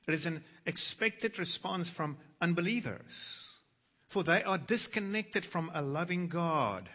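A man preaching a sermon, reading scripture aloud and moving between hushed, quiet passages and loud, emphatic quoted lines. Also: high voice. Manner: dramatic, swings from hushed to loud when quoting scripture. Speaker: pastor.

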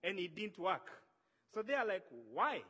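A man preaching a sermon in a conversational, animated way, acting out the voices he quotes. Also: sits high, normal speed. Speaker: pastor. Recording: long hall reverb.

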